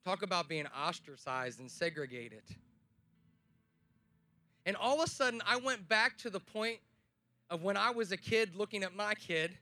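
A young man giving a sermon on a festival stage, telling stories and building to loud, emphatic preaching. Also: high voice, moderate pace. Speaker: speaker at a Christian festival.

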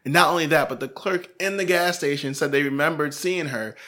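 A young man co-hosting a casual true-crime podcast, telling the story playfully with sudden high squeaks, his throat a little sore. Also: a little fast, bright, forceful tone. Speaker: podcast co-host.

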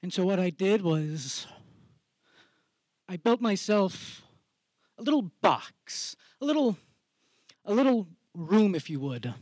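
A man tells an earnest personal story at a slow, deliberate pace. His voice sits fairly high, and the sound is close and dry. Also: sing-song, darkish tone, no room sound. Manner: slow, measured and reflective. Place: theater stage.

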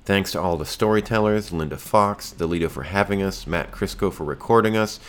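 A man's voice: low voice, fairly quick, fairly bright tone. A man hosting a live storytelling night, giving brief, casual thank-yous as he closes the show. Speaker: host. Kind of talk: closing announcements.

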